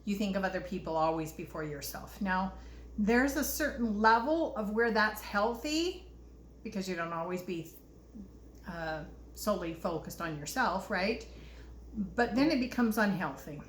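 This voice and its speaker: A woman's voice: mid-range voice, lively intonation, normal speed, a little hiss or hum. An older woman hosting a casual self-help talk, earnest and reflective, sharing personal stories. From Utah, US. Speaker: host. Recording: echoey room with faint ambience.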